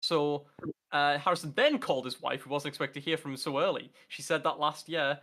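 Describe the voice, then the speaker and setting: A British man reading a news story aloud on a casual group chat show, animated and swearing freely, laughing as he reads. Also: on the high side, a little fast. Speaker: podcast guest.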